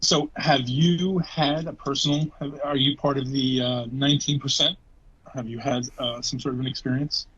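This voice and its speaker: A man's voice: mid-range voice, fairly even intonation, moderate pace, fairly bright tone, husky. A man hosting a casual podcast chat, teasing and joking sarcastically. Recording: dull lo-fi sound.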